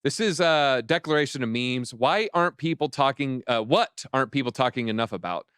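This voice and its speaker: A man's voice: medium pitch, expressive, fairly quick, background noise. A man hosting a crypto livestream, ranting and mocking as he comments on news. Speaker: crypto show host.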